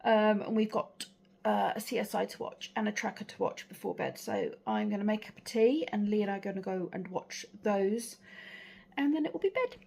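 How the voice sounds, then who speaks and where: A woman's voice: medium pitch, steady tone, moderate pace, creaky, darkish tone, breathy edge. A woman with a British English accent chatting casually to camera at home, rambling a little with fillers, tired and yawning. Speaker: vlogger. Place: at home and in her garden.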